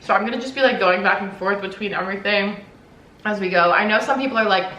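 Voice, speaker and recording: Bright-voiced young woman chatting while eating. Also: mid-range voice, fast talker. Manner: chatty, eats while talking, swears casually. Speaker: YouTuber. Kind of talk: casual mukbang chat. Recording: roomy echo, faint background noise.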